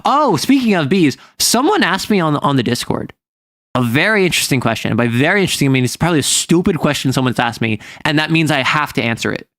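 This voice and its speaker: A man's voice: a little high, sing-song, quick pace, a bit bright, dry recording, studio quality. A man streaming live, joking around in a goofy, playful way and swinging into mock drama. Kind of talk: joking livestream chat.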